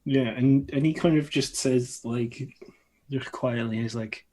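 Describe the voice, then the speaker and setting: A man talking as a player in a tabletop game, hesitant and soft-spoken. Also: mid-range voice, fairly even intonation, unhurried, rough recording.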